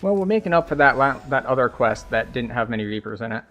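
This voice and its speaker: A man's voice: medium pitch, fast, soft background music. Chatty male streamer explaining his play. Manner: relaxed, chatty, explains as he plays. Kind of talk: casual gameplay commentary.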